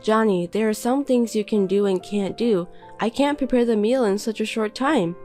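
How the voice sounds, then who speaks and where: A woman's voice: medium pitch, moderate pace, dark tone, faint music behind, pitched above the performer's own voice, natural voice. Defensive tired housewife, raised voice of a woman reader, pleading. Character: tired, hurt young housewife. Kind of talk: reading a text-message story.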